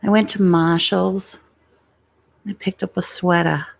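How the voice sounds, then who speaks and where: A woman's voice: fairly low pitch, fairly even intonation, gravelly. A woman doing a folksy old Boston grandpa. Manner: slow folksy rambling, partly whispered.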